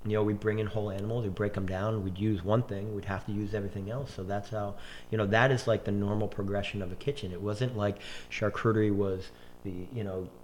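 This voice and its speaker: Man telling kitchen stories, low voice. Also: little pitch movement, quick pace, slight background noise. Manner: rambling, with many restarts and quoted dialogue. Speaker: chef. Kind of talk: casual storytelling in conversation.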